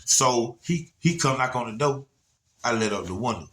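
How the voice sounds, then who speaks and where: A man's voice: medium pitch, animated, normal speed, fairly bright tone, slight background noise. A man telling a story casually to viewers, rambling and laid-back, often checking in with "you know what I'm saying". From Atlanta area, USA.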